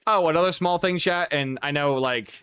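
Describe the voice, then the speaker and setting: A man's voice: on the high side, moderate pace, a bit bright, clear, resonant tone, no room sound. A young man livestreaming a football game, rambling and ranting with lots of profanity in casual chat. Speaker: gaming streamer.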